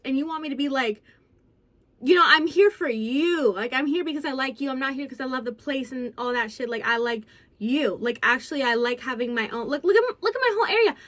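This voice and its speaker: A woman telling a story in a casual vlog, rambling with lots of fillers, swearing freely and jumping abruptly in pitch and loudness. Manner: sudden jumps in pitch and loudness. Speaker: vlogger.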